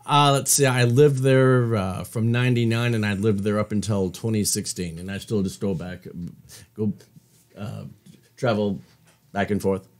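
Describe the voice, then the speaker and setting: A man's voice: lowish voice, fairly even intonation, normal speed. A man appearing as an actor guest on a radio show, answering with modest, hesitant replies. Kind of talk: interview answers.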